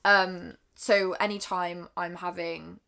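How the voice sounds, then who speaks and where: A woman's voice: lowish voice, flat delivery, takes it slowly, gravelly, pushed and bright, smooth. A young woman from Britain co-hosting a podcast, talking candidly and earnestly, often restarting her sentences. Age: young adult. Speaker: podcast co-host. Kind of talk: candid casual chat.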